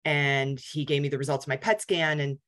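A woman's voice: low voice, fairly even intonation, brisk, a bit bright. A woman in her forties giving a candid, conversational talk as a guest speaker, with many fillers. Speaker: guest speaker, cancer survivor. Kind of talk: personal story talk.

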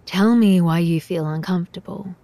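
A woman voicing a commanding, domineering young man who speaks deep and insistent. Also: moderate pace, vocal fry, warm tone, dry recording. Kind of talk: audiobook dialogue.

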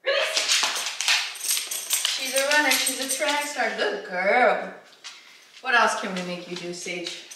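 A woman's voice: on the high side, lively intonation, a little slow, echoey room, heavy background noise. A woman vlogging at home in a casual chatty way, cooing at her puppy and giving it training commands. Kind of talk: casual vlog chat. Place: home kitchen.

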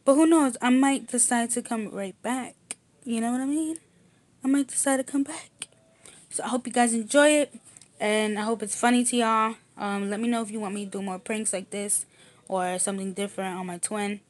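A young woman vlogger talking casually to camera, soft and rambling with many fillers and restarts, saying y'all a lot. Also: a little high, moderate pace.

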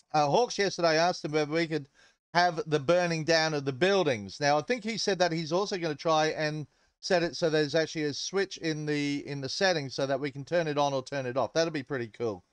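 A man's voice: a little high, fairly quick, smooth, no echo. A man hosting a casual game livestream, joking and greeting viewers in chat as he rambles. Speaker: livestream host.

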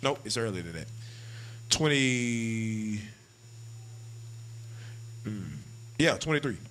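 A man preaching a street-style sermon, animated and slangy, acting out what husbands and wives say. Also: mid-range voice, slow pace, a little hiss or hum.

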